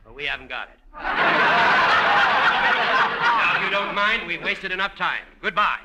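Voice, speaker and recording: An actor playing an impatient record company president in a 1940s radio comedy, brusque and exasperated. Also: male voice, high-pitched, lively intonation, fast talker, heavy background noise. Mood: dismissive.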